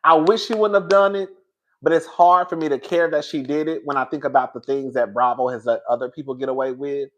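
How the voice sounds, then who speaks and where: A man's voice: a little high, fairly quick. Sassy man with a drawl. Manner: sassy, animated, laughing often, drags words for effect. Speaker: reality TV reviewer. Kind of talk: casual reaction commentary.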